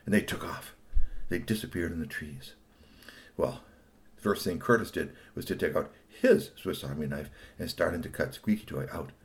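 A middle-aged man narrating a children's story in an animated way, talking to young listeners. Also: low-pitched.

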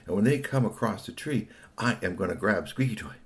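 A man's voice: on the low side, lively intonation, brisk, natural voice. A man voicing a determined young kid on a bike, eager and plotting. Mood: scheming.

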